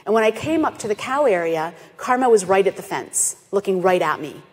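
A woman at mid pitch tells a story to a festival audience, lively and expressive, slipping into voices for the people in it. Her voice carries a long reverb from the hall around her. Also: fairly quick, breathy edge. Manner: animated, acts out quoted voices. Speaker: animal sanctuary founder giving a talk. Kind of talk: storytelling presentation.

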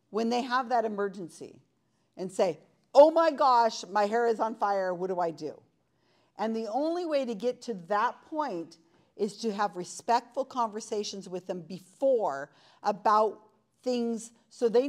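A woman leading an interactive workshop, talking conversationally and asking the audience questions in a room full of people. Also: a little high. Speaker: workshop presenter.

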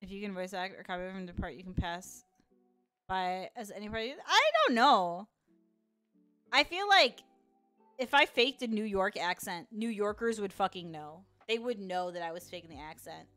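A woman's voice: medium pitch, lively intonation, moderate pace, a bit bright, faint music behind. A young woman with a Chicago accent, casually chatting on a live stream, laughing often and reacting to chat. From Chicago, USA.

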